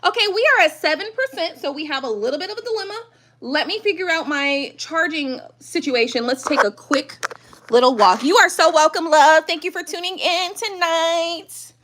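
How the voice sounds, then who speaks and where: A woman's voice: very high-pitched, moderate pace, fairly bright tone. A middle-aged woman reading tarot on a live stream, chatting casually in slang and laughing often.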